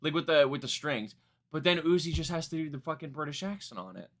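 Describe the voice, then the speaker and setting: A man's voice: on the high side, fast. A man reacting live to new music, casual and profane, with exasperated running commentary. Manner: animated, swears freely, exasperated asides.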